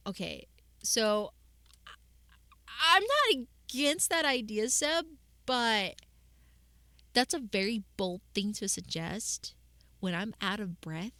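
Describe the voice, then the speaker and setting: A young woman streamer talks to her chat in a loose, rambling way, full of ums and restarts. Her voice is bright and forceful. The sound is dry and close, with no room around it. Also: medium pitch, no room sound. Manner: chatty, rambling with many fillers and restarts. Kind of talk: casual chat with viewers.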